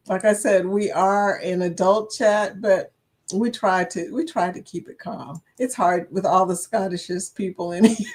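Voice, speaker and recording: An older woman with a mid-range, somewhat dark voice hosts a casual live-stream chat. She's talkative and laughs often while reading viewer comments aloud, and she has a slight cough and a dry throat.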